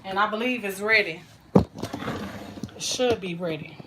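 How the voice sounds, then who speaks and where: A woman's voice: medium pitch, slow pace, very noisy. A woman chatting folksily while cooking on a live stream, calling her viewers child and honey. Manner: folksy and chatty, full of endearments.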